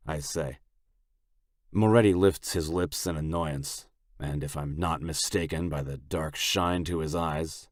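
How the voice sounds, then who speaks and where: A man narrating a romance audiobook in the first person with a steady, unhurried reading. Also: very deep voice, dry recording, studio quality.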